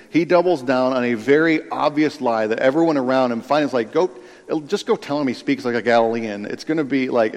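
A male pastor giving a sermon, conversational and animated, with asides to the congregation. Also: medium pitch. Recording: long reverb of a large hall.

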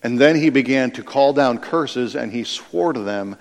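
A male pastor giving a sermon, conversational and animated, with asides to the congregation. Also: medium pitch, normal speed. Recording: long reverb of a large hall.

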